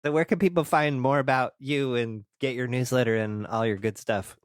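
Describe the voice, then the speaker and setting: A man's voice: medium pitch, steady tone, normal speed, smooth, no echo, clean studio sound. A man hosting a podcast, chatting casually and wrapping up with his guest. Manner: friendly, laughs along, brief interjections. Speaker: podcast host. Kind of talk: casual interview chat.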